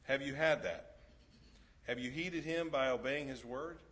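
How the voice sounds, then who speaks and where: A man's voice: medium pitch, a little slow, fairly bright tone. A man preaching a sermon in a church, reading scripture aloud and building to earnest, emphatic appeals to the congregation. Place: church sanctuary.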